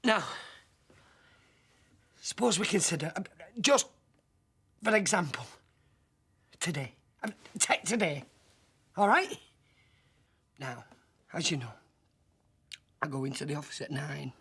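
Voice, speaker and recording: A frantic, henpecked married clerk at the end of his rope, his husky voice pitched high and bright. He pleads and rants in loud bursts, a filmed comedy drama role. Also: expressive, slow, long pauses, exaggerated voice. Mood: grimly calm. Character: desperate henpecked married clerk, middle-aged.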